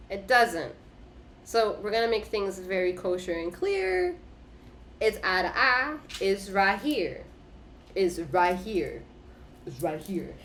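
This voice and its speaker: A woman's voice: medium pitch, a little hiss or hum. A woman giving a casual spoken tarot reading, talking emphatically and profanely, repeating short phrases for punch. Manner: emphatic, repetitive, profane, punctuated by laughter. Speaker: tarot reader.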